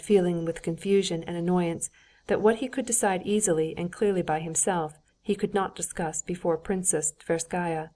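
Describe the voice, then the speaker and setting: A woman narrating a classic novel as an audiobook in an even, measured storytelling manner. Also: on the low side. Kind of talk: scripted narration.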